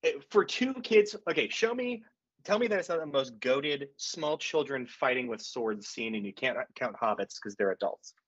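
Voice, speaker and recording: A man's voice: medium pitch, lively intonation, normal speed, breathy edge, no echo. A man co-hosting a podcast, recapping a movie in a rambling, jokey, profane way. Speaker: podcast co-host. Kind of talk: casual comedic movie recap. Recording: dry, muffled lo-fi call audio.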